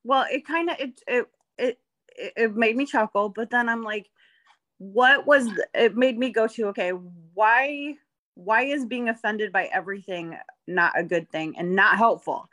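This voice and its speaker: A woman's voice: a little high, unhurried, a bit bright. A woman co-host and coach, talking in a reflective, chatty way with frequent restarts. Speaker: podcast co-host, life coach. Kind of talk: casual chat.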